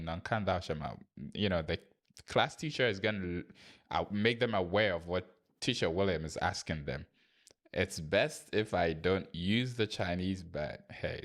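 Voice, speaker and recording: A low-pitched, somewhat bright male voice belongs to a man who trains kindergarten English teachers. He talks through his lesson plan conversationally, thinking aloud with small restarts, and now and then acts out classroom prompts in a raised, sing-song teacher voice.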